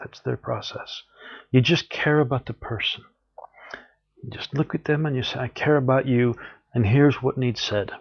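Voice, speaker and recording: A man's voice: fairly high pitch, gravelly, highs cut off. Earnest man giving a spiritual talk. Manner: earnest, encouraging, acts out quoted people. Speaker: spiritual teacher.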